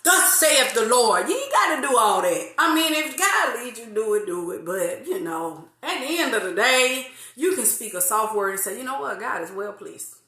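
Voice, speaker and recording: A woman in her forties hosting a casual faith talk, lively, laughing often and drawing out some phrases. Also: on the high side, normal speed, hardly any pauses, roomy sound. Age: 40s. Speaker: host of an online faith talk.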